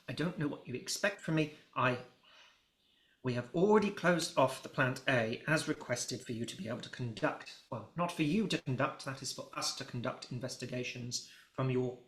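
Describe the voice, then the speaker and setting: A man's voice: mid-range voice, a bit bright, lightly acted. A man voicing a stiff, pompous male gnome project manager who talks curtly and dismissively. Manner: haughty, curt, dismissive. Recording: roomy echo.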